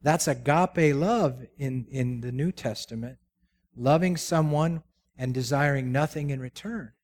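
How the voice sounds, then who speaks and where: A man's voice: mid-range voice, a little slow, a little mellow. A man preaching a sermon, telling the story with jokes and rhetorical questions. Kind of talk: sermon with humorous asides.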